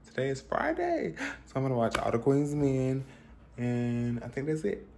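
At home in his apartment, a young man speaks to viewers through a tripod camera in a creaky, medium-pitched voice at normal speed, with slight background noise. He's sick with food poisoning and has bitten his tongue sore, yet stays chatty and animated, swearing freely as he talks to the camera.

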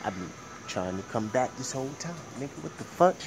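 A young man vlogging in a loose, profane rant. His voice swoops widely in pitch, dropping to a low mutter and then jumping to shouts. Faint ambient noise sits behind him. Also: very animated, fairly quick, creaky. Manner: profane, swings from mumbling to loud shouting. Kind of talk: casual ranting vlog.

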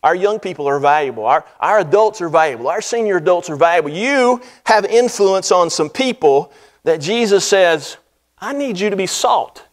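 High-voiced man preaching a sermon. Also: lively intonation, normal speed. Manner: earnest preaching with swelling emphasis. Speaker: pastor. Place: church sanctuary.

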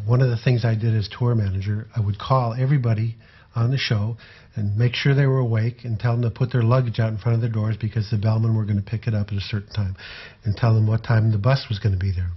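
An older man, a former tour manager, telling personal anecdotes in a relaxed, halting way. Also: on the low side, slightly rough, muffled recording. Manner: relaxed, halting storyteller with fillers.

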